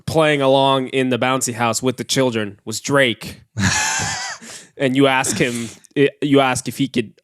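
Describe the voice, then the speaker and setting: A man on a podcast, chiming in with quick, crude jokes and frequent laughter. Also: medium pitch, steady tone, no echo, clean studio sound. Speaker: podcast panelist. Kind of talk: casual comedic banter.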